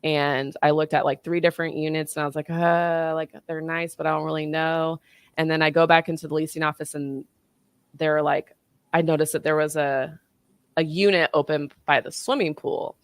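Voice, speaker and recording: A woman's voice: deep voice, normal speed, smooth, no room sound. A woman in her thirties telling a personal story in casual chat, acting out the voices in the dialogue she quotes. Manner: animated, acts out quoted dialogue.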